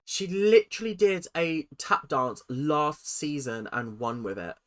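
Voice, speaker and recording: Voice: mid-range voice, unhurried, faint music behind. A person hosting a casual reaction video, chatty, opinionated and at times sarcastic. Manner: animated and opinionated, sometimes sarcastic.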